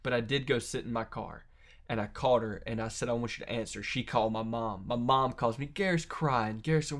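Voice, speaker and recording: A young man speaking at an ordinary middle pitch, winding through a personal story in a loose, unscripted way. He swears often and slips into laughter while he talks. He sounds worn out from staying up far too long. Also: fairly quick, a bit bright. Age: young adult. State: tired from long hours awake. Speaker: musician guest. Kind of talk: casual interview chat.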